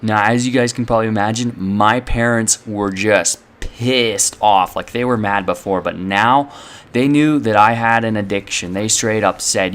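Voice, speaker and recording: A man's voice: on the low side, normal speed, fairly bright tone. Rambling young man telling a story. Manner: rambling, many fillers, swears. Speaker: channel host. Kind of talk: casual storytelling to camera.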